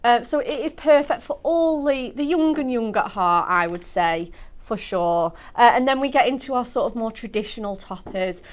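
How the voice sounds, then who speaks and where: A woman's voice: on the high side, lively intonation, moderate pace. A woman presenting on a craft TV show, chatting effusively about products with lots of gasps and gushing praise. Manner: effusive, bubbly, full of gasps and "so cute". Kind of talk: gushing product demo chat.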